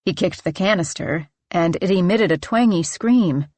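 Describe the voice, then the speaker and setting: A woman narrating a horror novel in a measured, dramatic reading on a close studio mic. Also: lowish voice, a little mellow, dry recording. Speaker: audiobook narrator.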